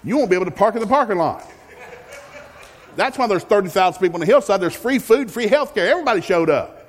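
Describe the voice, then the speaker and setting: A male pastor preaching a folksy, joking sermon with animated storytelling. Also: high voice, fast talker. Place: church sanctuary. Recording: long reverb of a large hall.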